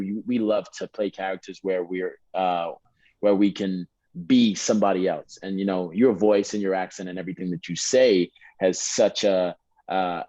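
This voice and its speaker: A man from England with a low, deep voice talks in a put-on American accent. He answers questions in a loose, rambling way. The sound is dry and slightly muffled. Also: no echo. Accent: American (put on, Detroit-leaning). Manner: relaxed, rambling with many fillers and restarts. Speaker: actor, interview guest. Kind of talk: casual interview answers.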